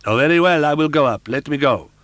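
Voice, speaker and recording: A man voicing a frightened young woman held captive in an audiobook, raising his voice high for her. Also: animated, quick pace, fairly bright tone, no echo.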